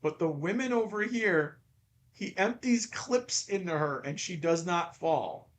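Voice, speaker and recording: A man's voice: high-pitched, expressive, a little slow. A man hosting a podcast in casual chat, rambling and often stammering over repeated words. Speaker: podcast host.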